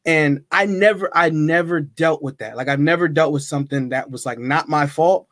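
A man guest on a podcast, telling a story in a chatty, animated way with lots of fillers. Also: on the high side, normal speed, no echo, studio quality. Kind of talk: casual storytelling.

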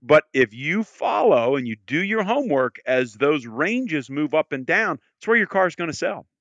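Enthusiastic man with a bright, dry voice. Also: a little high, very animated, normal speed, no echo, highs cut off. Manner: enthusiastic, repeats words when starting sentences. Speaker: car auction specialist, podcast guest. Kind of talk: casual podcast conversation.

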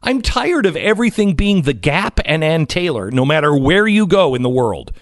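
A man hosting a political talk radio show, animated and mocking, slipping into quick impressions. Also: on the high side, no echo, clean studio sound. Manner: animated, mocking impressions, swings from loud to quiet.

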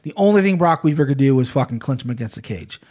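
A man's voice: medium pitch, animated, quick pace, darkish tone. A man hosting a podcast, chatting casually in a rambling, profane way. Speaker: podcast host. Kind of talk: casual chat.

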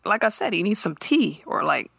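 A woman co-hosting a podcast, recapping a show in casual chat with animated, profane storytelling and quick character impressions. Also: medium pitch, vocal fry, breathy edge, dry recording, clean studio sound.

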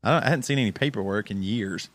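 A man hosting a podcast in casual chat, excitable and quick to jump in. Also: lowish voice. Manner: excitable, jumps in with quick reactions. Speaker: podcast host.

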